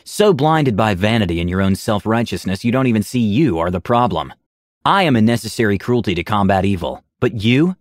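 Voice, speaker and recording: A man voicing a calm, cold-eyed gentleman lizardfolk with a silky, measured voice. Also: lowish voice, dry recording, studio quality. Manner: measured, quietly menacing.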